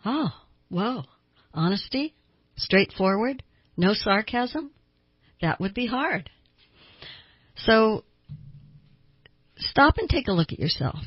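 A middle-aged woman therapist hosting an advice show, talking in a conversational, emphatic way with lively asides. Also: mid-range voice, breathy edge, no room sound, lo-fi sound. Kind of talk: advice talk show monologue.

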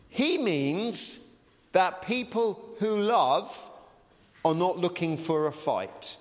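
A man preaching a sermon in a loose, conversational manner, often pausing on ums and uhs. His voice sits a little high and carries the long reverb of a large church hall. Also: animated. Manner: chatty, with frequent ums and uhs. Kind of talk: sermon with a read-aloud story.

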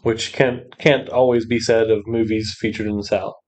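A man's voice: fairly low pitch, level tone, normal speed. Hesitant man in casual chat. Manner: hesitant, many fillers and restarts. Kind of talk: casual film discussion.

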